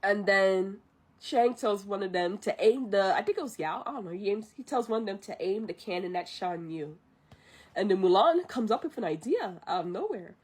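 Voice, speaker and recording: A young woman streamer casually retelling a film from memory, chatty and pausing to recall details. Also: mid-range voice, lively intonation, darkish tone, breathy edge. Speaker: vtuber streamer. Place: livestream at home.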